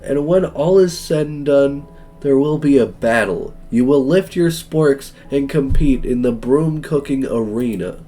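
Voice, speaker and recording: A man's voice: mid-range voice, unhurried, mellow, faint music behind, lightly acted. A man voicing a grandiose male dog professor in a game, speechmaking theatrically.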